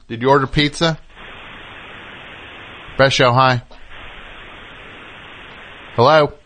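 A man's voice: lowish voice, a bit bright, a little hiss or hum. A man hosting a call-in radio show, sarcastic and riffing with mock exasperation at callers. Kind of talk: casual call-in radio chat.

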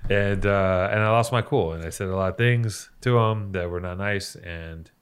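A man's voice: low voice, normal speed, smooth. A young man hosting a podcast, telling a heated story in casual chat and swearing freely. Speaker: podcast host.

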